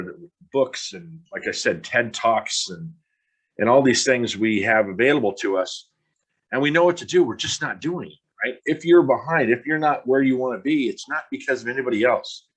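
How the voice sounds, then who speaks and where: A man's voice: mid-range voice, expressive, normal speed, a bit bright, slightly rough. A middle-aged man hosting a podcast, talking bluntly in a frustrated monologue and swearing casually. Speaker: podcast host.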